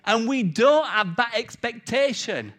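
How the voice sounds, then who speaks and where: A man preaching a sermon, telling the story with lively acted-out voices. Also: very high voice, measured pace.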